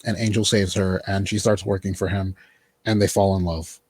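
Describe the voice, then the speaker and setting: A man with a low, slightly husky voice chats loosely about a TV show. He rambles through fillers and asides. The sound is dry and close. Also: steady tone, moderate pace, dry recording. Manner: rambling, filler-heavy, quotes characters in mock voices. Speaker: podcast host. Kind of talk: casual chat recapping a TV show.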